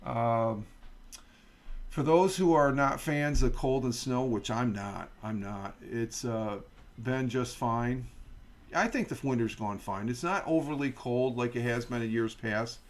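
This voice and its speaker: A middle-aged man chats on a morning livestream, reading a news piece aloud and wandering off into asides. His voice is gravelly, pitched in a plain middle range, and he talks into a desk mic at home. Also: a little slow. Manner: rambling, reads news aloud with asides and fillers. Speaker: livestream host. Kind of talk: casual morning stream chat.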